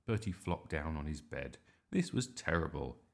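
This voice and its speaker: Expressive man reading a children's story. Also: extremely low pitch, normal speed, creaky. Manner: expressive, animated. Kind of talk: children's story read aloud.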